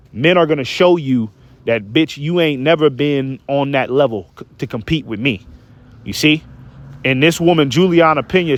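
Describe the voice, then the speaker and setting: A man's voice: mid-range voice, no echo. A man preaching a heated rant, reading scripture aloud, stumbling on words and tagging his points with "okay?" and "man". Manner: emphatic, keeps asking "okay?" and "man". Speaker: online preacher.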